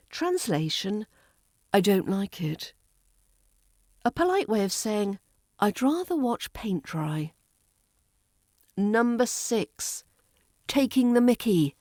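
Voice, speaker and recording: British woman, podcast accent coach, slow careful pace, dry close sound. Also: mid-range voice, expressive, dark tone, dry recording. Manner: cheerful, clear teaching delivery, repeats phrases slowly. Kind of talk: podcast lesson.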